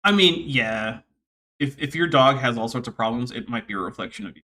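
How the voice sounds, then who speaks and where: Man, stream host, casual reaction commentary, sarcastic, mid-pitched voice. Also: a little fast. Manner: sarcastic, animated mock quoting. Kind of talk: casual commentary on a debate clip.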